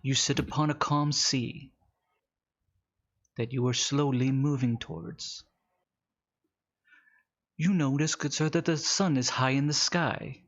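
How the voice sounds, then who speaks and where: A man voicing a calm male mystic who slowly guides someone into a trance, with a soft, soothing delivery over a dull, lo-fi mic. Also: mid-range voice. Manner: soft, slow, soothing hypnotic guidance.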